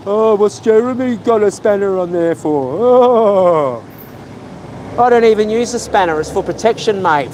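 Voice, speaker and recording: A man's voice: high-pitched, darkish tone. An emotional young Australian man ranting heatedly on a live stream from outdoors, repeating himself as he vents. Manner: agitated, heated, repetitive ranting. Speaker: vlogger. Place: outdoors on a street. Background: faint traffic.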